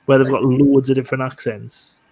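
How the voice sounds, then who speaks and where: A man's voice: medium pitch, little pitch movement, brisk, a crowd in the background. A man with a Sunderland Mackem accent chatting casually in a group, explaining things through examples. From Sunderland, North East England. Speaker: chat participant.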